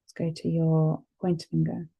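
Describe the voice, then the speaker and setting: A woman guiding a tapping session, speaking calmly and gently and repeating phrases for the listener to say back. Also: low voice, normal speed, gravelly, slightly rough. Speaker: EFT tapping guide.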